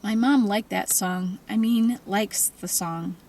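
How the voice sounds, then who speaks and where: A woman's voice: mid-range voice, slow, a little mellow, far from the mic, a little hiss or hum. A woman doing an earnest teenage girl. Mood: unsure. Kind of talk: audiobook character reading.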